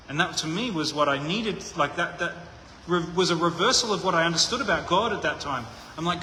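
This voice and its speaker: A man's voice: fairly high pitch, brisk, few pauses, bright, forceful tone, slight background noise. A man preaching a conversational sermon, thinking aloud with frequent restarts. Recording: echoey hall with long reverb.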